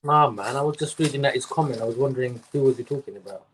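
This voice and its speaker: A man's voice: mid-range voice, fast talker, fairly bright tone, slight background noise, poor audio. A man guest on a live stream, chatting casually and asking hesitant questions. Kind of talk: casual chat.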